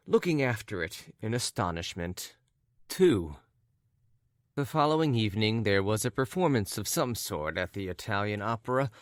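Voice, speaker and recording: Reading a classic tale as scripted audiobook narration, this man uses a clear, resonant mid-range voice and an even, measured delivery. The recording is dry and studio quality.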